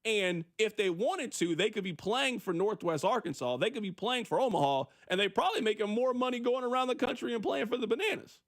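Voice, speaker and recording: A man hosting sports talk radio, telling stories in a casual, animated way. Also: high-pitched, fairly quick, hardly any pauses. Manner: animated, storytelling.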